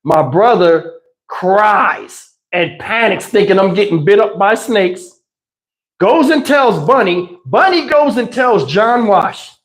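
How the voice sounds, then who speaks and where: A man's voice: sits high, takes it slowly. A man hosting a livestream, telling a childhood story in casual slangy talk and acting out the voices, on a lapel mic. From New Jersey. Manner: animated, slangy, acts out voices. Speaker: host. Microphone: wireless lapel.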